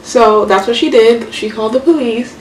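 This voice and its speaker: A young woman vlogger telling a story casually while doing her makeup, chatty and animated, full of fillers and swearing. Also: on the high side, normal speed. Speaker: beauty vlogger. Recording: echoey room, mic far off, faint hiss.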